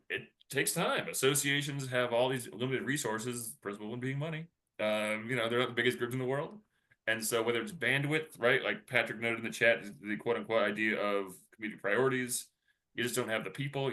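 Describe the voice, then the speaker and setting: Chatty bright-voiced man on a webinar. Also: medium pitch, fairly quick. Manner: chatty, rambling with many fillers and restarts. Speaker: webinar co-presenter. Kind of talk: casual webinar talk.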